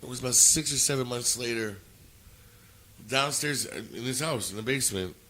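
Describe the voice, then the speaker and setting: A man's voice: mid-range voice, moderate pace, sharp tone, a little hiss or hum. A man co-hosting a podcast, telling a story in blunt, profane casual chat and quoting what people said. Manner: profane, blunt, quotes people in his stories. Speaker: podcast co-host.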